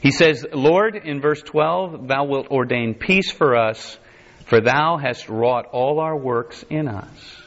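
A Bible teacher gives a verse-by-verse sermon, reading King James scripture in its old English wording and then explaining it plainly, often restarting and correcting himself. His medium-pitched voice is a bit bright and unhurried. The recording is dull and lo-fi.

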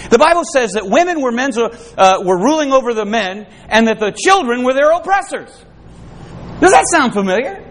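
A man preaching a sermon, often rising in pitch and loudness and acting out the voices he quotes. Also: a little hiss or hum.

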